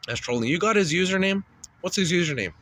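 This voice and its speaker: A man's voice: high-pitched, expressive, fast, a bit bright. A man hosting a shock-humour comedy show, ranting crudely and insulting people.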